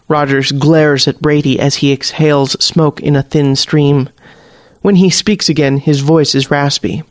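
A man reading a fantasy story aloud as the narrator, in a steady storytelling delivery. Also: fairly high pitch, moderate pace, dry recording. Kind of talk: audiobook fiction narration.

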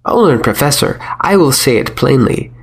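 A man's voice: mid-range voice, animated, moderate pace, breathy edge, voice pushed up. A man reading a story, voicing a stern, superstitious village sheikh who speaks with pious, scowling insistence. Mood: grim. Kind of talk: audiobook character voice.

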